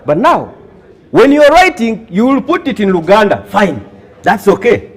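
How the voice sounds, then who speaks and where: A man with a Ugandan English accent, a scriptwriter giving a lively talk to an audience, asking them questions and acting out bits of dialogue. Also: sits high. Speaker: scriptwriter and workshop speaker.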